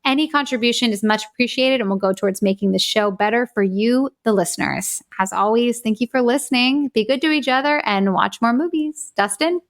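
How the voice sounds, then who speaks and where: A woman co-hosting a movie podcast in casual chat, reading the show's plugs briskly. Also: a little high. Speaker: podcast co-host. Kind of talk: casual chat and show outro.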